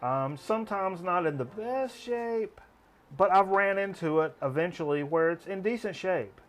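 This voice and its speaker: A man's voice: high voice, a little slow. Rambling man hosting a vinyl chat. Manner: rambling, lots of ums and restarts. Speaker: host. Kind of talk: casual chat.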